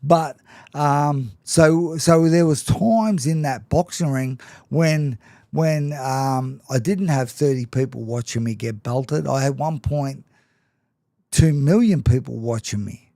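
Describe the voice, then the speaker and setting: A man's voice: mid-range voice, slow, warm tone, no room sound, clean studio sound. A middle-aged man, a guest in an interview, telling candid stories with frequent restarts and short laughs. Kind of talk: candid storytelling in conversation.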